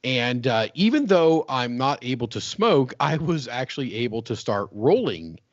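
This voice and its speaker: A man's voice: medium pitch, sing-song, moderate pace, no echo. Rambling man on a dull call line. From West Virginia. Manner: rambling, repeats words, laughs often. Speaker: podcast co-host. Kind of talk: casual chat.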